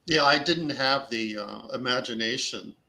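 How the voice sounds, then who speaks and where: A man's voice: medium pitch, a little slow, vocal fry, pushed and bright. A man moderating a casual chat, teasing and joking with a laugh.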